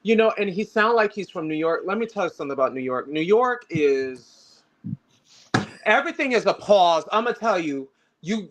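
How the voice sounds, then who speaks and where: A man's voice: sits high, a bit bright. A man hosting a casual online panel discussion, rambling and repeating himself, with the odd curse. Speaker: panel host. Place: online video call.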